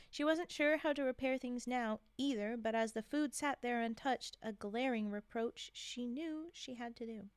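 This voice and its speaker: A woman's voice: a little high, no room sound. A woman streamer reading holiday short stories aloud, breaking off to laugh and chat with viewers. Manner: giggly, chatty, breaks off to react to viewers. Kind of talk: casual read-aloud with chat asides.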